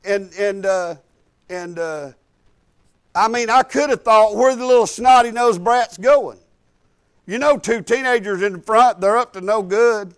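A high-pitched man with a drawl tells a story from the pulpit in a loose, folksy way. He rambles and doubles back, stringing his account together with "I said" and "he said". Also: a bit bright. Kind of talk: sermon storytelling.

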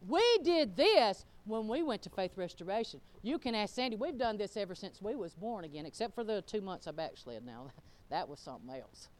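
A middle-aged woman pastor, preaching a fervent sermon that swings between loud exclamations and low, laughing asides. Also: sing-song, brisk.

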